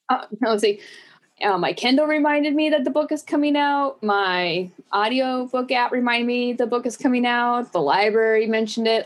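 A woman co-hosting a casual podcast, gushing enthusiastically about favorite book characters and acting out bits of dialogue. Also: fairly high pitch. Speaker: podcast co-host. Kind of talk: casual chat about books.

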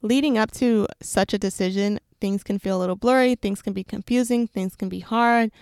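A young woman shares a personal faith testimony in an earnest, reflective manner, sometimes hurrying through runs of words. Her voice carries a gravelly fry. The sound is dry and close, with no room around it. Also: medium pitch, moderate pace, darkish tone, no echo.

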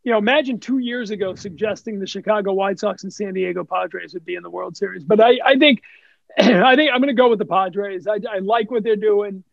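A man being interviewed as a guest, telling anecdotes in a casual, animated way and acting out the dialogue he quotes. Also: high-pitched, a little fast, vocal fry, no echo, muffled recording. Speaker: guest, sports TV studio host. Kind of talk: casual podcast storytelling.

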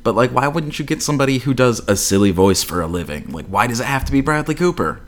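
A man's voice: mid-range voice, lively intonation, fast talker. A man co-hosting a podcast in casual chat, blunt and profane, with plenty of fillers. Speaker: podcast co-host.

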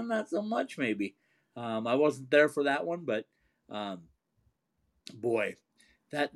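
A man co-hosting a casual hockey talk show, chatty and laughing as he tells stories. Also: medium pitch. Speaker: hockey broadcaster, co-host.

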